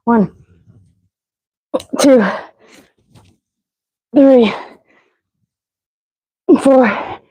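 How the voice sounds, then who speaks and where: A woman's voice: sits high, darkish tone, poor audio. A woman leading a live workout as fitness instructor, counting reps and cueing stretches while out of breath. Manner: counting reps, breathy and winded between cues.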